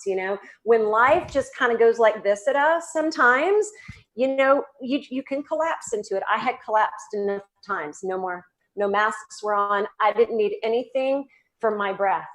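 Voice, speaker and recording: A woman with a Southern US accent speaks at a medium pitch over poor audio. She's a guest psychic medium in a casual interview, talking earnestly and spiritedly about healing, spiritual and animated, with frequent restarts.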